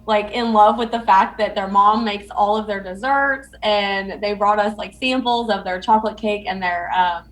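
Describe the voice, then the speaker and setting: A woman in a casual podcast chat speaks in a soft, halting way with many fillers. She gushes warmly over what she describes. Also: mid-range voice, low-quality recording.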